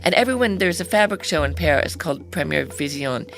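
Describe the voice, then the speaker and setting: A woman's voice: deep voice, lively intonation, fairly quick, creaky, faint music behind. A middle-aged woman, a guest founder, telling her story in a chatty interview and laughing often. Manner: chatty, laughs often, acts out quoted voices. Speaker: guest, handbag company founder.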